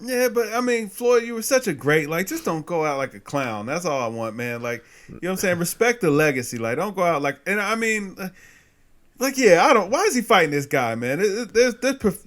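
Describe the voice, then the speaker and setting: Give me a man co-hosting a sports podcast, loose and animated, with a somewhat high voice. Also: brisk. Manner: animated trash talk, laughs often. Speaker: podcast co-host. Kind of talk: casual chat.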